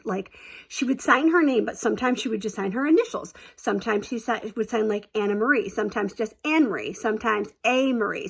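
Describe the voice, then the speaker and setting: A chatty woman spins a teaching story with plenty of fillers and big exaggerations. Her voice sits a little high, with a gravelly, creaky fry running through it. She sounds loose and offhand. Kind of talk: casual storytelling.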